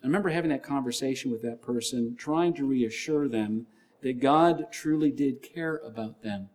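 Earnest male preacher, even pitch. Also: normal speed. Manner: earnest, repeats key lines and scripture references; acts out shouting gym trainers with a louder voice. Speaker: pastor. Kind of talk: sermon.

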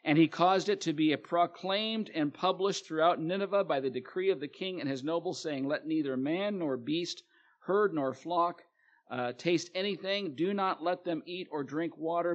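A man's voice: a little high, normal speed, highs cut off. A male preacher reading scripture aloud and explaining it in a plain sermon, with fillers and restarts.

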